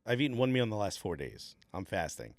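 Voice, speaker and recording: Animated storytelling man, lively pitch. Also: fast talker, no echo. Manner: animated storyteller, laughs often. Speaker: guest comedian. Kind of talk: casual podcast chat.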